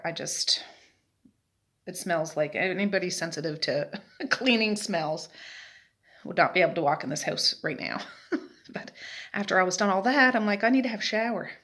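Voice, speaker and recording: A middle-aged Nova Scotia mother and vlogger chats casually from a rocking chair at home, rambling through her day's stories with many fillers. Her fairly low voice is bright and forceful, moving at a moderate pace broken by long pauses.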